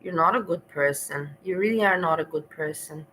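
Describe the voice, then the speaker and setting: Bright-voiced woman ranting bluntly. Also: low-pitched, moderate pace, a little hiss or hum, poor audio. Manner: blunt, scathing, profane. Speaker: reaction vlogger. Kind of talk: reaction commentary.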